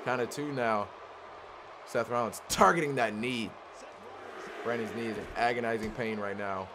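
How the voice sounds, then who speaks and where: Young male let's-play host, hyped play-by-play caller who trash-talks the game characters, average pitch. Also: moderate pace, background noise. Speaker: gaming channel host.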